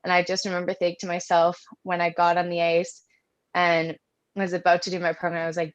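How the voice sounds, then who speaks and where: A Canadian woman in her early 20s, an athlete appearing as an interview guest, talks earnestly and tells her story in detail. Her low-ish voice is monotone and a little fast, captured in dull lo-fi audio.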